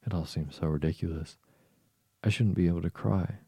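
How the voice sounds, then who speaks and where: A man reads a polite little girl who is earnest and quick to turn indignant. His voice stays very low and dark, with a gravelly edge. The recording is close and dry. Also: dry recording, full character voice. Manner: prim, indignant, then timid. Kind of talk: audiobook character reading.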